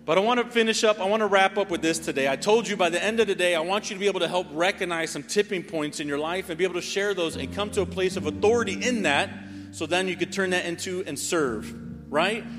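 Man preaching with a lively story. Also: high voice, fast talker, faint music behind. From North Carolina. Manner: animated storytelling with frequent "right?". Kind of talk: sermon testimony. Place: church sanctuary. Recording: long hall reverb.

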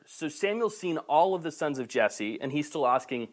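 A man preaching a sermon, passionate and building to near-shouting before softening, with playful asides to the camera. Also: a little high, lively intonation, moderate pace, few pauses. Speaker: pastor. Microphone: camera recording.

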